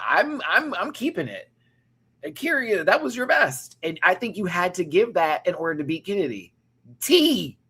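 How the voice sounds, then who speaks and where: A Southern man from the American South hosts a casual reaction review, talking in an animated, slangy style full of swearing. His pitch is fairly high and slightly rough.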